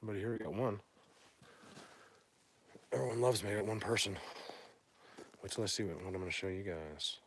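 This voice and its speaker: A man livestreaming from a phone in a mountain wilderness, chatting to viewers in a rambling, excitable way as a bigfoot hunter. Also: lowish voice, brisk, long pauses, slight background noise. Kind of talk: casual live stream chat. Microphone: phone held by hand.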